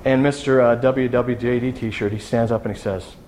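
Male pastor, casual sermon, chatty storytelling, frequent restarts, mid-pitched voice. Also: fairly even intonation, normal speed, a little mellow, a little hiss or hum.

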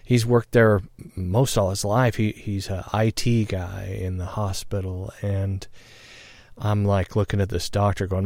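A middle-aged man telling a personal story in a halting, reflective way, pausing often and getting loud at tense points. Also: lowish voice, dry recording, studio quality. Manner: halting, reflective, with many pauses and fillers; grows loud and excited when recounting tense moments.

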